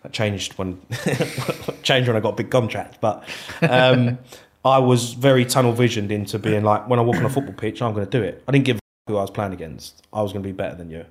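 Man telling stories, low voice. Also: brisk. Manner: animated, swears freely, acts out quotes. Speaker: former footballer, guest. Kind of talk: casual storytelling interview.

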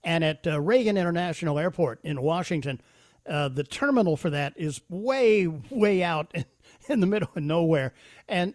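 A man's voice: fairly high pitch, dry recording, clean studio sound. A man hosting a radio talk show, telling stories in a folksy way with many fillers and restarts. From South Carolina. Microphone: studio microphone.

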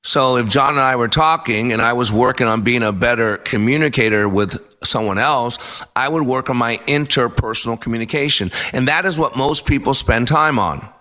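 A man's voice: mid-range voice, normal speed, bright, forceful tone. A man in his fifties hosting a faith-based motivational radio talk, speaking with earnest, preacherly emphasis. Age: 50s. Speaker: radio host.

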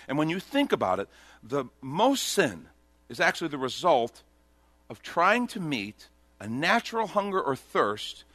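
A man preaching a sermon, his voice lively and swinging through a wide range of pitch. His tone is bright and forward, and he acts out the Bible figures as he tells the story. The sound is dry and close, with no room echo. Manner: animated storytelling, voicing Bible characters in quotes. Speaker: pastor.

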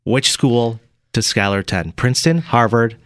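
A man's voice: medium pitch, normal speed, dry recording, clean studio sound. A man co-hosting a radio morning show who runs a playful quiz and teases the contestants as he reads out the answers. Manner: teasing, lively, reads out multiple-choice answers.

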